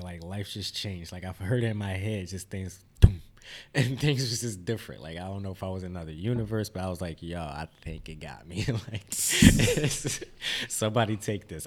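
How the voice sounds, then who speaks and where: A young man, a podcast guest, rambling through stories and laughing through his words. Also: sits low. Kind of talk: casual chat.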